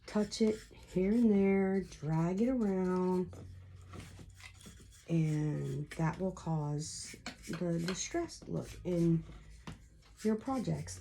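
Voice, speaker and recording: A woman's voice: lowish voice, gravelly, warm tone, slight background noise. A woman giving a casual crafting tutorial at home, chatty and rambling as she tells stories while she works. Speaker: craft vlogger.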